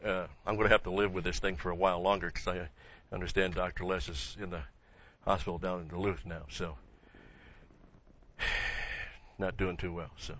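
Guy teaching scripture, lowish voice, lots of uhs and questions, muffled lo-fi tape. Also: flat delivery, a bit bright. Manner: halting, with many fillers and rhetorical questions. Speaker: Bible teacher. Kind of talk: sermon-style Bible study. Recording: dull lo-fi recording.

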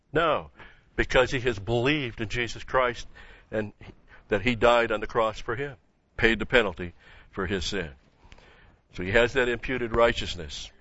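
A man teaching the Bible sermon-style, halting with many fillers and asking rhetorical questions. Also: medium pitch, sharp tone, no echo. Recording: dull lo-fi recording.

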